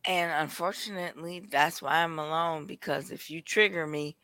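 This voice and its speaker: A woman's voice: low-pitched, normal speed, bright, forceful tone. A woman talking bluntly and candidly in a casual chat, swearing freely and repeating herself for emphasis.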